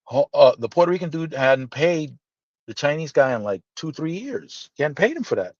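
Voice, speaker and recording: A man with a slightly high voice tells a rough story in loose podcast chat, swearing freely and acting out each character's lines. The sound is dry and a little dull, like a modest lo-fi setup. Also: normal speed, dry recording. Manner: animated, profane storytelling with acted-out dialogue. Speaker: podcast host telling a story.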